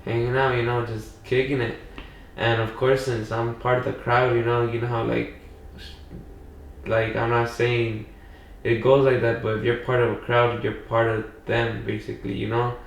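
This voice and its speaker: A young adult male podcast guest from Pacoima, Los Angeles, rambles through a casual story, dropping "like" and "you know" throughout. His gravelly voice sits at medium pitch with a flat delivery and moderate pace. The recording has slight background noise, an echoey room, and a faraway mic.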